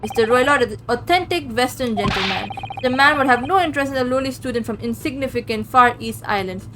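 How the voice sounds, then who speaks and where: A woman's voice: on the high side, quick pace, background noise, close to an everyday voice. Woman doing a surly sailor. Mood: gruff. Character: gruff, surly burly male sailor guard. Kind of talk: reading a visual novel aloud.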